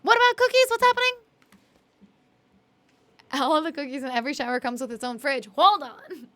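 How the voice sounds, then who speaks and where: A woman from Canada chatting with her live stream viewers, giggly and chatty with lots of ums and quick thank-yous. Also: sits high, animated, a bit bright, no echo. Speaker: streamer and musician.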